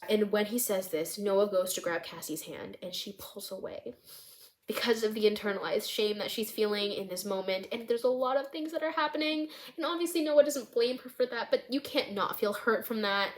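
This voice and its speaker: A young woman vlogging casually, retelling her script with lively, expressive storytelling and frequent fillers. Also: mid-range voice. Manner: animated storytelling, many "like" fillers. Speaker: vlogger writing a film script. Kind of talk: casual chat.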